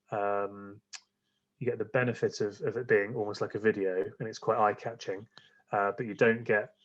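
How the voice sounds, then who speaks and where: Low-voiced man on dull lo-fi audio. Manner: rambling, many fillers and restarts. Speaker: podcast guest. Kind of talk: casual interview chat.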